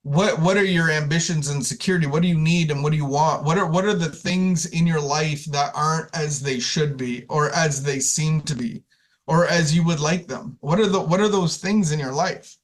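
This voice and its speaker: A man with a somewhat high voice shares an informal spiritual talk with a recovery community. He speaks conversationally, often repeating words and restarting his sentences. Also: fairly even intonation, normal speed.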